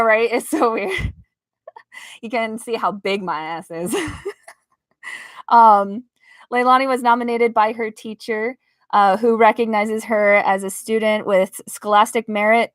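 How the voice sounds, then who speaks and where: A woman's voice: mid-range voice, steady tone, normal speed, no room sound. Woman, 30s, casual live-streamer and proud parent; gushes, laughs, tears up; dry bedroom mic. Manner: emotional, gushing, laughs often, chokes up. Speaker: livestreaming vlogger, parent. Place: her bedroom at home.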